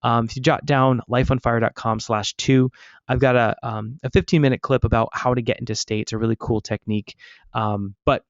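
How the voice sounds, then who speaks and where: An energetic man coaching his audience, smiling as he talks and pressing them with encouragement. His voice sits at an ordinary middle pitch. The sound is dry and a little dull, like webinar audio. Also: brisk, no room sound.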